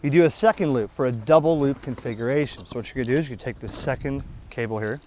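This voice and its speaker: A man's voice: medium pitch, fast, darkish tone, a little hiss or hum. Folksy man demoing gear outdoors. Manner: folksy, talks to viewers with frequent "okay?". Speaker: ham radio channel host. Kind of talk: casual hands-on product demo.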